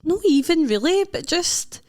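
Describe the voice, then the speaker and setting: A woman's voice: extremely high pitch, lively intonation, unhurried, a little mellow, dry recording, studio quality. A Scottish woman co-hosting a podcast, chatty and rambling in casual chat, often trailing off. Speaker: podcast co-host.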